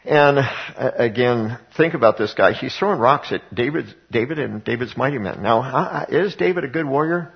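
Gravelly husky male pastor preaching. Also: medium pitch, animated, normal speed, few pauses, lo-fi sound. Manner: conversational preaching, rhetorical questions to the congregation. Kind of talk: sermon. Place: church sanctuary before a congregation.

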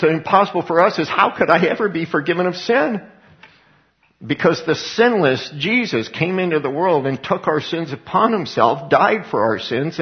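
A man's voice: fairly high pitch, muffled recording. An older man teaching a sermon in a conversational way, with personal asides between Bible readings. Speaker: pastor.

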